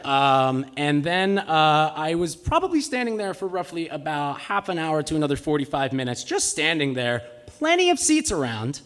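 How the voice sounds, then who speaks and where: A man's voice: a little high, big pitch swings, normal speed, hardly any pauses, a bit bright. A man telling a personal story live on stage, with a comic, self-mocking delivery. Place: live stage in a cultural center.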